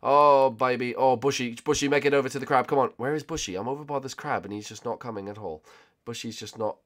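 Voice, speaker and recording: A man giving casual, jokey gameplay commentary as a video host, often bursting into loud excited cries. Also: medium pitch, quick pace. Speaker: gaming YouTuber.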